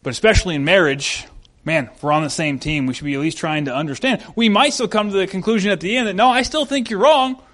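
A man in his thirties giving a sermon as pastor, telling a personal story with candid, self-deprecating humor. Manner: rises loud and high when acting out quotes.

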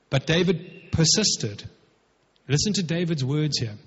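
A male preacher with a fairly high, husky voice explains a scripture passage in a conversational way, stopping often for asides. The sound is dull and lo-fi, and a long echo rings around a large hall. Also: lively intonation, normal speed. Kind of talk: sermon, retelling a scripture passage.

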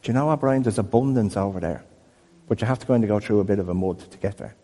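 A man playing a gently coaxing God. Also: on the low side, fast talker, breathy edge, in a large hall.

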